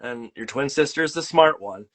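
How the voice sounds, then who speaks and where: A man's voice: mid-range voice, normal speed, a bit bright, a little hiss or hum. A man hosting a casual interview over a video call, rambling with many fillers and teasing his guest. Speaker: podcast host and illustrator.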